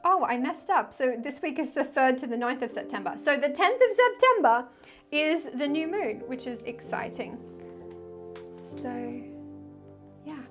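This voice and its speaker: A young woman chats to camera as a spiritual tarot vlogger in a fairly high voice. She gushes, filling her talk with "like" and "literally". Faint music plays behind her. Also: expressive, unhurried. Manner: gushing, effusive, many "like" and "literally". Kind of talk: casual direct-to-camera chat.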